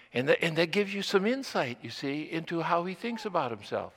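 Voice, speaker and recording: Older male preacher, gravelly and bright, deliberate repetition, long hall reverb. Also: a little high, big pitch swings. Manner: slow, deliberate, repeating phrases for emphasis. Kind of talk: sermon.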